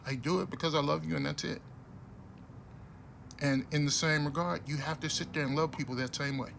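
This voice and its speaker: A man talking bluntly and casually to camera in a rambling monologue, with many restarts, growing louder and heated at times. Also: fairly high pitch, steady tone, fairly quick, creaky, a little hiss or hum. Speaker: vlogger.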